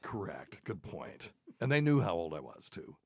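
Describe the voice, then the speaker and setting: A man's voice: deep voice, big pitch swings, normal speed, husky, no echo, studio quality. A man hosting a casual talk show, telling a long rambling story and chuckling often. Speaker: podcast host. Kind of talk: casual chat.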